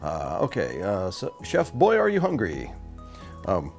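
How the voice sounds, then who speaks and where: Young male game show host, wildly swooping pitch, gravelly edges. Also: huge pitch swings, unhurried, darkish tone, soft background music. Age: young adult. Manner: showy, swooping announcer delivery. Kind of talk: comedy game show hosting.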